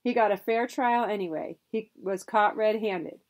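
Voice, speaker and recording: A woman voicing a blunt frontier justice of the peace who talks in a slow, folksy way. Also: medium pitch, darkish tone, close to an everyday voice.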